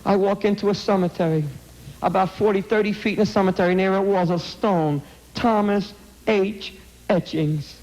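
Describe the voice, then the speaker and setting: A man's voice: sits high, fairly even intonation, normal speed, a little mellow, low-quality recording. A middle-aged man giving an impassioned anti-drug talk, blunt and emphatic, acting out the voices in his story.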